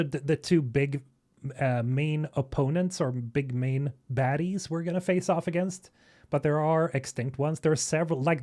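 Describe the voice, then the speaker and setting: A man hosting a live stream, reacting casually and excitedly to a game video, thinking aloud and swearing. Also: mid-range voice. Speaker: streamer host.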